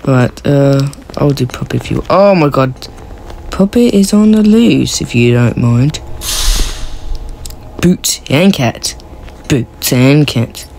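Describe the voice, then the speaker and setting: A woman giving excitable, casual commentary while playing a horror game, yelping, laughing and talking to her teammates. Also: rumbling low, a little slow, gravelly, slight background noise. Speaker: gaming video creator.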